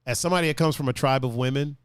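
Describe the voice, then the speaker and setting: A man hosting a podcast in casual chat, animated and profane, reading listener comments aloud. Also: mid-range voice, very fast, clear, resonant tone, no room sound, studio quality. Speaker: podcast host.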